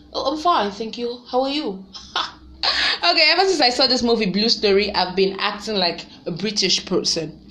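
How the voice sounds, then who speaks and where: A young woman chatting casually to her viewers, lively and quick to laugh. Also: mid-range voice, slight background noise. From Nigeria. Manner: chatty and animated, laughs often, sings snatches of songs. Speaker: vlogger. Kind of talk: casual vlog chat.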